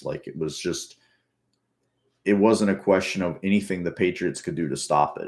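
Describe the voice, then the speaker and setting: Very deep-voiced man breaking down a game. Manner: rambling, profane, restarts often. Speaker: sports fan commentator. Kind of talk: casual game breakdown commentary.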